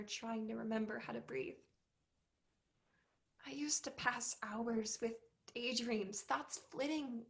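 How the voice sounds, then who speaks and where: A young woman acting a dancer who talks herself through panic in a stage play, slow and breathless. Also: fairly high pitch.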